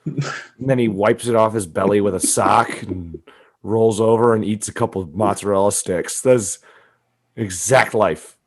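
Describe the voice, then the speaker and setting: Crude, gravel-voiced man riffing on a podcast. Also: measured pace. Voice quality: deep gravelly voice. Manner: crude, swearing, riffing with laughs. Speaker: podcast co-host. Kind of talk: casual comedy podcast chat.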